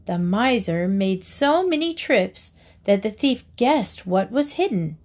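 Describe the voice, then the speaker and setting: A woman's voice: mid-range voice, expressive, a little mellow. A woman narrating a series of short fables, reading each story aloud with its moral. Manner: slow, deliberate reading aloud. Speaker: reader.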